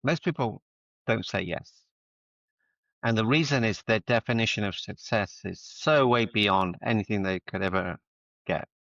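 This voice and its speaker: A man's voice: on the low side, unhurried, fairly bright tone, dry recording, lo-fi sound. A middle-aged man, a mindset coach, telling his story as an interview guest in an earnest, emphatic way over a video call.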